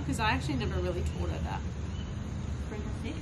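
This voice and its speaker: A woman's voice: expressive, a little fast, heavy background noise. Chatty woman training her dog. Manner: chatty, rambling, with high sing-song calls to her dog. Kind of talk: casual vlog chat. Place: outdoors in a backyard.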